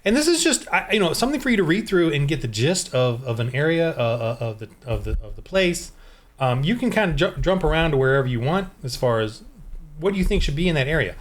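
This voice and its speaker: A man with a somewhat high voice talks casually into a desk microphone. He thinks aloud as he rolls dice and works out a tabletop adventure, in a loose, off-the-cuff tutorial manner. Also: very animated, a little fast. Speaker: tabletop game designer. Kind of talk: casual solo game-prep walkthrough.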